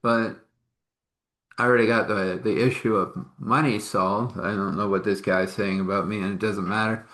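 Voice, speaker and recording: A man's voice: fairly low pitch, fairly even intonation, moderate pace, fairly bright tone, reverberant. A man telling an informal faith story in a rambling, chuckling, conversational way.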